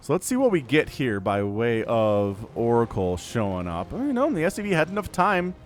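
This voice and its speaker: An energetic man calls a video game match on his own, and his pitch swings up and down as he reacts to the play. He keeps it playful and chuckles at the action. Soft background music runs under his voice. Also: moderate pace. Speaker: esports caster. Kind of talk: solo play-by-play game commentary. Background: faint background music.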